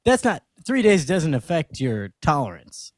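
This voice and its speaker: Animated young man telling stories. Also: fairly high pitch, measured pace, no echo, studio quality. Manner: animated storytelling, laughs often. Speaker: podcast co-host. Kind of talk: casual podcast banter.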